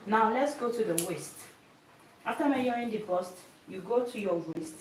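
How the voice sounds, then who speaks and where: In a mid-range voice at a moderate pace, a woman runs a hands-on sewing class, demonstrating on a mannequin. Patient, she repeats each step and often asks "did you see it?" The recording is echoey, with her voice far off and slight background noise.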